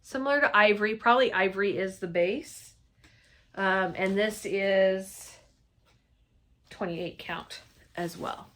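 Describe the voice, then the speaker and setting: A woman's voice: medium pitch, slow, pauses often, fairly bright tone. Woman vlogger, forties, chatty show-and-tell, gushing and upbeat. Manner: chatty and enthusiastic, gushing over colors. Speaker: cross-stitch vlogger. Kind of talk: casual show-and-tell chat.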